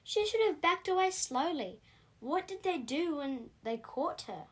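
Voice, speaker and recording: High-voiced lady picking holes in a story, skeptical, bouncy tone. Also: sing-song, a little slow. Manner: questioning, nitpicking. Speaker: skeptical listener.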